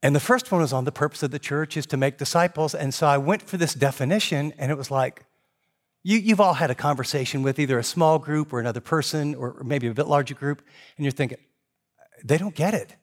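A middle-aged man delivers a sermon from the pulpit, talking fast and telling stories with animation. His voice sits a little higher than most men's. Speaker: pastor.

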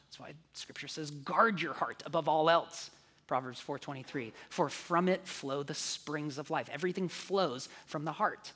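A male pastor preaches in a loose, conversational way, dropping to near whispers and then building to lively emphasis. His voice sits somewhat high. A long reverb from a large church hall trails behind him. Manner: conversational preaching, swinging from hushed to animated. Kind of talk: sermon. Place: church sanctuary.

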